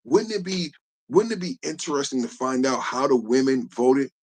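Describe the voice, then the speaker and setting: A man's voice: mid-range voice, animated, normal speed. A man hosting a live podcast, talking loosely and joking with viewers, tacking "man" onto his lines. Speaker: podcast host. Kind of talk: casual live-stream chat.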